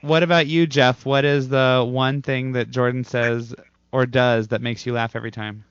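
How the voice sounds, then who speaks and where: A man's voice: mid-range voice, flat delivery, normal speed, clean tone, no echo. A man hosting a casual web radio interview, chatting and reading out listener questions. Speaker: host. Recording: muffled dry web radio audio.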